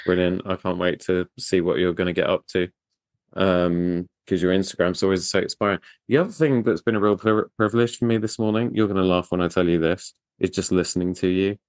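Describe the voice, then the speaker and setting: British man, podcast host, very low voice, dry close sound, enthusiastic, self-deprecating. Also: steady tone, brisk, a little mellow, no echo. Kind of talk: casual interview chat.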